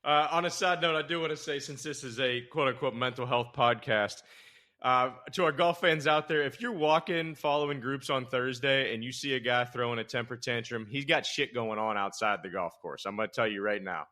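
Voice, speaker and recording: A man's voice: medium pitch, fairly quick, bright, forceful tone. A man hosting a podcast, talking frankly and directly, with casual swearing. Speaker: podcast host. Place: podcast studio.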